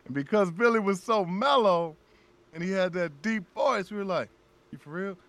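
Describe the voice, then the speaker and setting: Animated, laughing man telling stories. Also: sits high, moderate pace. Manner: animated storyteller, laughs often, repeats phrases. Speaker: guest voice actor. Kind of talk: casual podcast chat.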